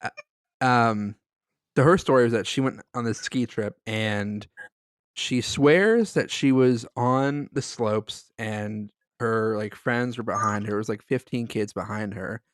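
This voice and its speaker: A man's voice: lowish voice, measured pace, no echo, clean studio sound. A man co-hosting a podcast, telling a story in a loose, rambling way with lots of filler words. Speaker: podcast co-host. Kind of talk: casual chat.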